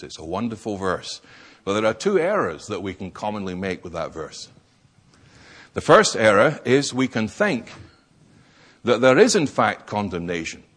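A man's voice: lowish voice, a bit bright. A man preaching a sermon, stressing key words and posing rhetorical questions.

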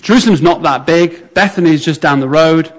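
High-voiced man preaching a vivid sermon. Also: fairly quick. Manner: vivid storytelling that acts out onlookers' reactions.

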